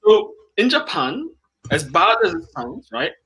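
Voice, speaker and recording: A man's voice: high voice, wildly swooping pitch, a little slow, creaky, bright, forceful tone, breathy edge, poor audio. A man hosting a casual chat, telling a club story in slangy, profane speech. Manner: storytelling, slangy, swears freely. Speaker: host.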